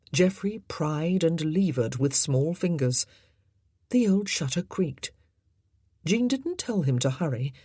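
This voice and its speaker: A woman narrating an audiobook, measured and expressive in her storytelling. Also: sits low, husky, no room sound, clean studio sound. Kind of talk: scripted narration.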